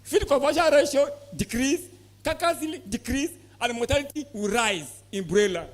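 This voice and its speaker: Nigerian man, very high voice, emphatic conference talk, quizzes the crowd. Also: lively intonation, normal speed. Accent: Nigerian English. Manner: emphatic, quizzes audience with repeated questions. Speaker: poultry expert presenter. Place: conference hall.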